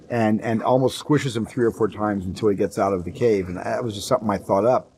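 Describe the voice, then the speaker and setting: Lowish-voiced film director recalling a shoot. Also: male voice, fairly quick, few pauses, a little hiss or hum. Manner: relaxed, anecdotal, repeats words as he thinks. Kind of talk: documentary interview, recalling the production.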